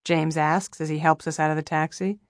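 Young woman reading an audiobook, lowish voice, wry and even, dry close mic. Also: fairly quick, dry recording. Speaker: audiobook narrator. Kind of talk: first-person audiobook narration.

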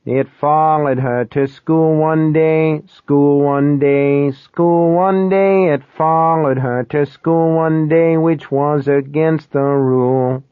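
A man voicing a cheerful, quacky man with a Brooklyn accent singing a nursery rhyme slowly. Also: on the high side, fairly even intonation, smooth, no room sound, pitched above the performer's own voice. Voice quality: quacky, sing-song. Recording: tinny, phone-like, dry.

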